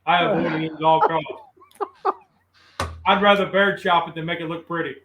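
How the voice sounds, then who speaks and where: Man, middle-aged, podcast guest, high voice, animated storytelling, roomy echo. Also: normal speed, dull audio, a little hiss or hum. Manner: animated, laughing while telling a funny story. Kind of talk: casual storytelling chat.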